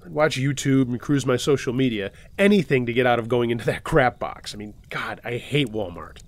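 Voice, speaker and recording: Dude reading true scary stories, steady, dry sarcastic side comments. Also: male voice, medium pitch, brisk. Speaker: host and narrator.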